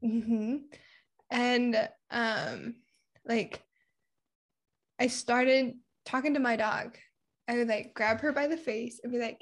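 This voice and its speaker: A woman's voice: on the high side, fairly even intonation, takes it slowly, long pauses. A young woman from Puerto Rico chatting candidly, telling personal stories and acting out little quotes. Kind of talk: casual conversation.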